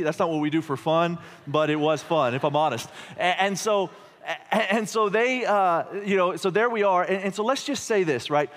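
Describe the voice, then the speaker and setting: A man in his thirties preaches to a congregation, telling a story with frequent chuckles and stumbling restarts. His voice sits somewhat high. Long reverb from a large hall trails behind every phrase. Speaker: pastor. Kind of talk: sermon.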